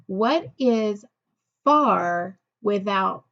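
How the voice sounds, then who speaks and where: A woman's voice: medium pitch, animated, very slow, a bit bright. A woman teaching a phonics lesson to second graders, patient and encouraging, drawing out words. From United States. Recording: dull lo-fi recording.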